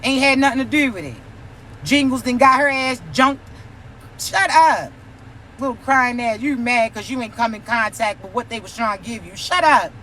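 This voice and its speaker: A woman's voice: on the high side, normal speed, pushed and bright, slight background noise. A woman giving a spiritual reading, delivered as a brash, profane, teasing scolding. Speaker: spiritual reader. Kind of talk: spiritual warning rant.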